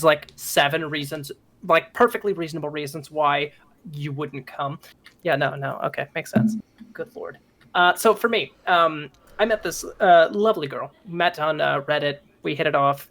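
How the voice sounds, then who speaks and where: A man's voice: a little high, moderate pace, a bit bright. A young man from Minnesota with a light Minnesotan accent, casually telling a profane, joking story in a chat. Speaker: guest.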